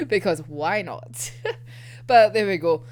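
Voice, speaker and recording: A woman's voice: mid-range voice, huge pitch swings, takes it slowly, darkish tone. A young woman reacting to a manga chapter, gushing, giggling often, swearing freely and saying "like" constantly. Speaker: manga reviewer.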